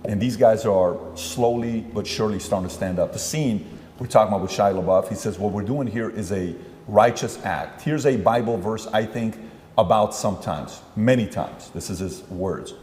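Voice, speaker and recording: A man's voice: on the low side, moderate pace, darkish tone, long reverb tail. A man hosting a podcast interview, talking in a rambling, conversational way and acting out quoted dialogue. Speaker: podcast host.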